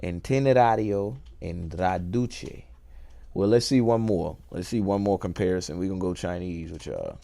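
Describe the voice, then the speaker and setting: A man hosting a casual show, thinking aloud in a relaxed, playful way and enjoying wordplay. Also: sits low, normal speed, gravelly. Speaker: host. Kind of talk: casual musing talk.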